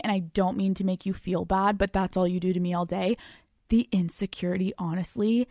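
A woman's voice: mid-range voice, a little mellow, dry recording, studio quality. A young woman hosting a solo podcast, giving frank advice in a brash, profane, laughing way and reading out listener letters. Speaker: podcast host.

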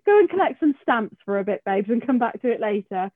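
A woman's voice: a little high, very animated, fast talker, no echo, phone-quality sound. A woman in a casual chat, laughing and teasing, heard over a remote call.

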